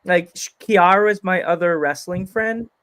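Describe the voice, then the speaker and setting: An American man hosts a podcast in a relaxed, chatty way, with a voice that sits a little high for a man. He rambles, restarts his sentences and giggles often as he talks. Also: unhurried, clear, resonant tone. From United States. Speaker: podcast host. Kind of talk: casual chat.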